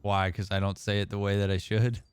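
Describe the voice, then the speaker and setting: A man's voice: lowish voice, flat delivery, a little fast, smooth, dry recording. A man from Indiana, a therapist streaming a game, chatting casually and answering his chat as messages come in. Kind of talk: casual livestream chat while gaming.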